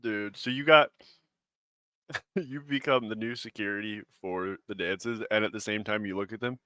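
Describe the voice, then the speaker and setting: Male co-host, bright voice, joking sidekick energy, dry close mic. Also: fairly low pitch, fairly even intonation, no echo. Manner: laughing, quick joking interjections. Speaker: podcast co-host. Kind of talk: casual chat.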